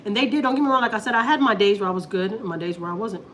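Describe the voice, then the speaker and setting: A woman's voice: medium pitch, expressive, very fast, fairly bright tone. A woman from Texas, chatting casually on a family vlog live stream and telling a long story, repeating herself often. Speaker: family vlogger.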